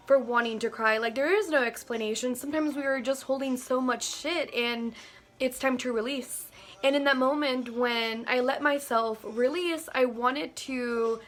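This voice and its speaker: A woman talking earnestly and gently in a casual, heartfelt monologue to camera, often saying "like" and "you know". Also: on the high side. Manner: earnest and gentle, with many likes and you-knows. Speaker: vlogger sharing personal reflections.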